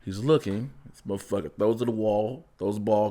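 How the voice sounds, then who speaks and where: A man reviewing a film in a casual, animated way, acting out the characters as he retells the story. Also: fairly low pitch, brisk. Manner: animated storytelling, acts out characters, frequent laughter and profanity.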